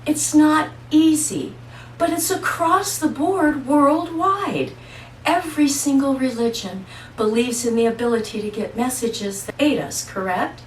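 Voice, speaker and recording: A woman holistic practitioner telling personal stories in a casual monologue, slow, emphatic and earnest. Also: high-pitched, lively intonation, distant mic, slight background noise. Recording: echoey room, voice away from mic.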